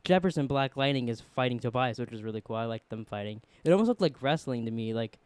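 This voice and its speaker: A man's voice: mid-range voice, animated, quick pace, darkish tone, clear, resonant tone, no room sound. A man recapping a TV episode in casual chat, rambling with fillers and quoting characters in put-on voices. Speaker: show reviewer.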